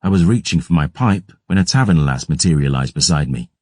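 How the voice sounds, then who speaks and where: A man giving gruff, measured first-person audiobook narration. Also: extremely low pitch, expressive, mellow, no room sound.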